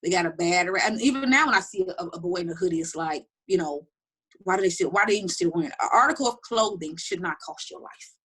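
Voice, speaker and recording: A middle-aged woman telling personal stories in an interview, talking quickly and animatedly with many restarts. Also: lowish voice, breathy edge. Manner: fast, animated storytelling with frequent restarts. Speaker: interview guest. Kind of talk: candid personal storytelling.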